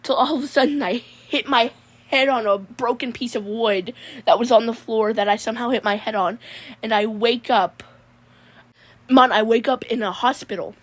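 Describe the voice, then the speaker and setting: A woman's voice: a little high, moderate pace. A woman telling a rambling comic dream story, peppering it with 'Mon'. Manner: rambling, says 'Mon' constantly. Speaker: comedy character storyteller.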